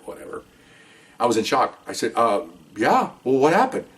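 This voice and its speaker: An older man, a retired police officer, telling stories from his career in a casual, animated way, acting out the people he quotes. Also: mid-range voice, moderate pace, distant mic. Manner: animated, acts out quoted voices. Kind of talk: casual storytelling.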